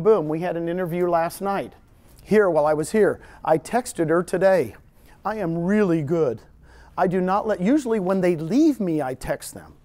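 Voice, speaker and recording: Middle-aged Texan man, higher voice, animated seminar presenter, talks to a live room. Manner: animated storyteller, jokes with audience. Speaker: real estate trainer. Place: meeting room with audience.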